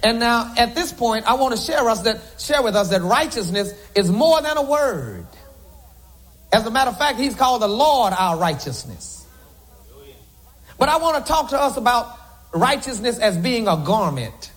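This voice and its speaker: A man's voice: very high voice, very animated, normal speed, fairly bright tone. A man preaching a sermon to a congregation from the pulpit, with joking asides to the crowd. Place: church sanctuary.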